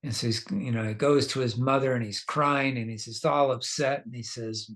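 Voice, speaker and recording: A man's voice: mid-range voice, steady tone, moderate pace, a bit bright. A man teaching a scripture class, telling the story casually, laughing now and then and quizzing his listeners.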